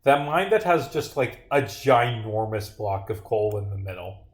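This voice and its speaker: A man's voice: mid-range voice, expressive, normal speed, reverberant. A young man casually chatting and ranting while he plays a game on a livestream, sarcastic and profane. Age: young adult. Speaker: streamer.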